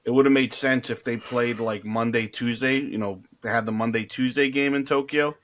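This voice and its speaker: A man co-hosting a podcast, talking sports in a relaxed, rambling way with frequent restarts. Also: mid-range voice, moderate pace. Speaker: podcast co-host. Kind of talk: casual sports chat.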